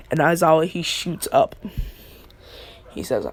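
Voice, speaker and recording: A storyteller rambling through a homemade fan tale, leaning on "like" and chuckling along. The voice is creaky and gravelly, slow and drawn out. The pitch swings widely from line to line. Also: sing-song. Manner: rambling, laughs at own jokes, lots of "like". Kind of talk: casual spoken fan-fiction storytelling.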